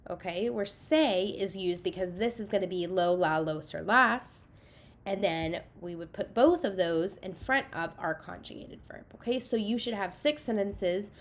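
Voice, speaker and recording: A woman's voice: mid-range voice, slight background noise. Spanish teacher woman explaining grammar step by step. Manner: explains step by step, switches between English and Spanish. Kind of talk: recorded online class lecture.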